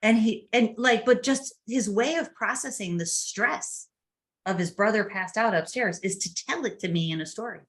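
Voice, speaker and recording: A woman's voice: mid-range voice, moderate pace. A middle-aged woman hosting a podcast, telling family stories in a chatty, casual way with laughs. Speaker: podcast host. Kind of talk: casual chat.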